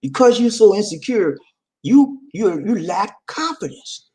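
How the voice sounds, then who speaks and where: A man hosting a casual live-stream talk about relationships, animated, repeating phrases and calling out to his viewers. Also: high voice, unhurried, rough recording.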